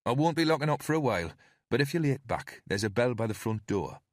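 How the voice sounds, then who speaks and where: A man's voice: mid-range voice, sing-song, quick pace, no room sound, studio quality, voice pushed up. A man reading an audiobook, voicing a friendly male pub landlord who chats in an obliging way.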